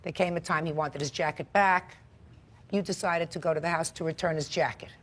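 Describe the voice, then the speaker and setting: A woman's voice: sits low, fairly even intonation, brisk. A woman judge questioning a litigant in court, blunt and dryly sarcastic.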